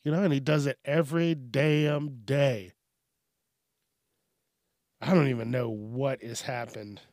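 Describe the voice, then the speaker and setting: A man's voice: mid-range voice, fairly even intonation, slow pace, darkish tone, no echo, studio quality. A man casually riffing on news stories, laughing often, swearing, and rambling. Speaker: news commentary host. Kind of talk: casual comedic news commentary.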